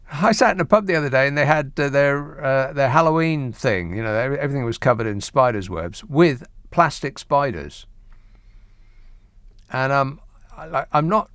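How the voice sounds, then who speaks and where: A man's voice: medium pitch, animated, moderate pace, pauses often, a bit bright, clear, resonant tone, no echo, studio quality. Wry man ranting on radio. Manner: wry, rambling, mock-indignant rants with hesitant restarts. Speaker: radio talk show host. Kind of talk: late-night radio phone-in chat. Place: radio studio. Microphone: studio microphone.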